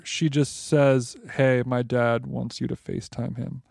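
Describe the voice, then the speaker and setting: A man co-hosting a podcast, telling a long story in casual chat, animated and rambling with frequent restarts, close on the mic. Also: mid-range voice, measured pace, gravelly, no echo. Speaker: podcast co-host.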